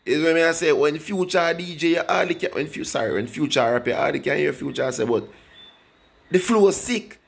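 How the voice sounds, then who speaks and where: A man's voice: fairly high pitch, normal speed, creaky, slightly rough. A young man with a Jamaican accent, rambling casually in patois as he reviews a song for his viewers. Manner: rambling, animated, speaks in patois, addresses viewers. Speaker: music reaction vlogger.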